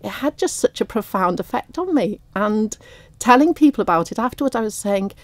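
A woman of fifty or older, a guest on a radio interview, speaking warmly and near tears, laughing often. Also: mid-range voice, expressive, brisk, no echo. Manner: warm, tearful, laughs often. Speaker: radio guest, raffle prize winner.

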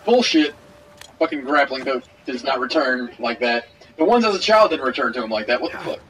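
A man's voice: medium pitch, lively intonation, a little fast, fairly bright tone. A man giving profane, joking commentary while playing a video game with a friend. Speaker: gaming commentator. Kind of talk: let's play commentary. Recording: distant mic with faint noise.

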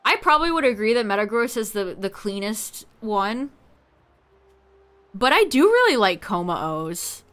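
A woman's voice: medium pitch, sing-song, a little slow, a bit bright. A woman streaming a game and chatting casually with her viewers, laughing often. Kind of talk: casual live-stream chat.

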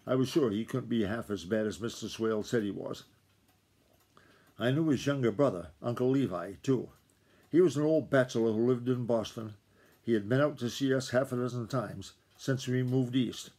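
A father reads a novel aloud to his children in a plain, unhurried manner. His voice is average in pitch for a man with a darkish tone, and it sounds like a simple home recording.

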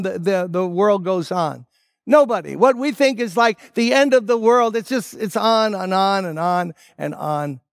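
Emphatic high-voiced male preacher, slow. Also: no echo, clean studio sound. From United States. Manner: emphatic, drops to hushed tones and rises on key words. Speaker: pastor. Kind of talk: sermon.

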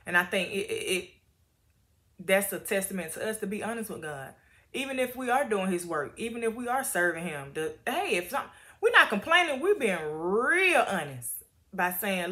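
A woman reading Bible passages aloud and commenting in a chatty, animated way. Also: medium pitch, normal speed. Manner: animated, chatty, laughs often. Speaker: Bible story teacher.

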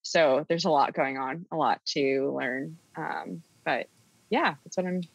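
A young woman guest on a podcast, speaking with a notably low voice. She sounds dry and close, and talks earnestly with frequent ums. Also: unhurried, no room sound, poor audio. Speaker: podcast guest, painter and art teacher. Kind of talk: casual interview.

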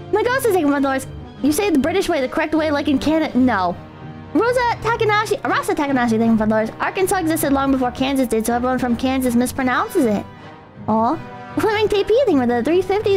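A woman's voice: high voice, very animated, fairly quick. A young American woman streaming, chatting casually and reading viewer donations in a teasing, crude way, swearing freely. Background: faint music.

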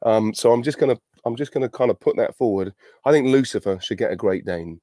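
A middle-aged man, musing through fan questions over a video call in a loose, self-deprecating way. His voice sits at an ordinary middle pitch. The sound is dry and close, with no room around it. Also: fairly quick, warm tone, no echo. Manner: chatty, thinks aloud, self-deprecating. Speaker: actor answering fan questions. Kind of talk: virtual Q&A panel.

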